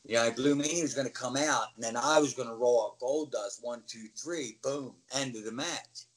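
A man's voice: medium pitch, normal speed, poor audio. A middle-aged man, a former wrestler, telling backstage stories in casual chat and acting out the voices of the people in them. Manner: animated storyteller, acts out voices and yells. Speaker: interview guest, former wrestler. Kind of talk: casual storytelling.

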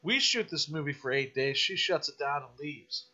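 Bright-voiced man ranting profanely. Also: fairly high pitch, lively intonation, moderate pace, dull audio. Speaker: podcast guest. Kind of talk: casual podcast chat.

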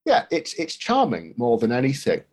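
A man's voice: mid-range voice, wildly swooping pitch, normal speed, darkish tone, breathy edge. A man co-hosting a podcast, talking casually about a film with many restarts and fillers. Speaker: podcast co-host.

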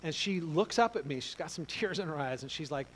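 Animated pastor. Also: male voice, a little high, fairly quick, slight background noise, poor audio. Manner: conversational, animated, swings from quiet asides to loud exclaims. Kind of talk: storytelling sermon.

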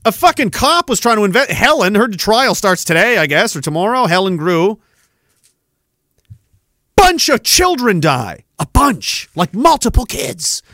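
A man's voice: high-pitched, sing-song, a little slow, bright, forceful tone, no room sound, clean studio sound. A man hosting a podcast, delivering a heated, profane rant full of emphatic repetition. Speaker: podcast host. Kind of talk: angry political rant.

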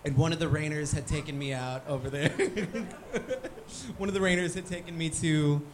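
A man's voice: on the high side, normal speed, slight background noise. A man co-hosting a podcast from a sports bar, telling a story in casual chat and laughing often. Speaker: podcast co-host.

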